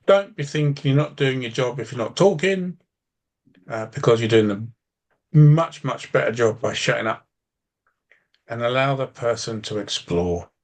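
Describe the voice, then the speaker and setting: A man in casual podcast chat, blunt and unfiltered, swearing to make his point. He rambles and restarts sentences as he thinks aloud, at a middling pitch for a man. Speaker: driving instructor and coach.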